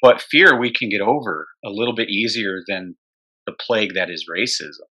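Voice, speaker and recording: A man's voice: on the low side, moderate pace, bright, forceful tone, breathy edge. A man co-hosting an education podcast, speaking directly and emphatically in casual conversation, sometimes bluntly.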